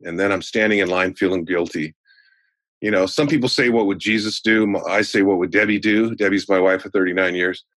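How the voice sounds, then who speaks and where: A man's voice: deep voice, fairly quick, no echo. A man in his sixties, a sales trainer and guest, telling folksy anecdotes in a conversational way. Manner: folksy anecdotal teller, animated in stories. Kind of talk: conversational storytelling.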